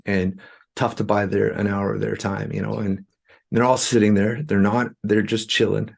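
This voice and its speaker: A man from Canada with a low, gravelly, husky voice, telling stories as an interview guest. He talks in an animated way and acts out other people's lines as he goes. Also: moderate pace. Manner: animated, acts out quoted dialogue. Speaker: musician guest. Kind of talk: storytelling interview talk.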